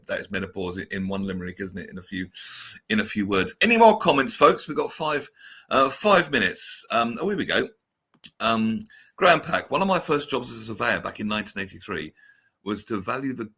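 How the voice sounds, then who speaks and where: A man's voice: fairly low pitch, sharp tone, breathy edge. A man hosting a casual chat show, chatty and reading out viewer comments. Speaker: show host.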